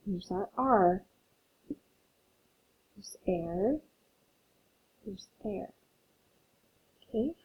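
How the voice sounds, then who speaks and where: A teacher's medium-pitched voice, edged with breathiness, comes through tinny phone-like audio as she leads a children's phonics lesson. Patient and slow, she reads a story aloud to young learners and breaks down syllables.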